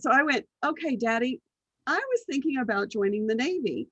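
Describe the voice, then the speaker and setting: A woman's voice: sits high, a little fast, slightly rough, no room sound, dull audio. A middle-aged woman telling stories from her life in a casual interview, acting out what others said and laughing often. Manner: animated anecdotes, acts out quoted voices, laughs often. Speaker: guest, business strategist.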